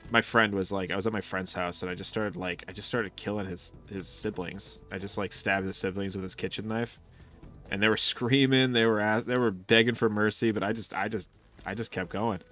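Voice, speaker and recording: A man with a lowish voice chats loosely while streaming a game, swearing freely and wandering through anecdotes. He laughs often between thoughts, and faint music plays under his talk. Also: bright, forceful tone. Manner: casual, profane, rambling storytelling with frequent laughs. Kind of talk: casual live-stream chat while playing.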